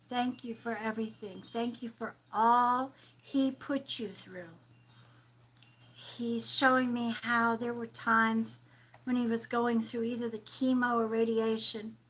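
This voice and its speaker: A woman leads a live-stream spiritual reading in an unhurried, drawn-out way. Her voice sits a little high and stays gentle and affectionate, calling listeners sweetheart and slipping into whispers. A faint hiss runs under her speech. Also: low-quality recording. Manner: soft, affectionate, calls viewers sweetheart, drops into whispers. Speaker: psychic medium and livestream host.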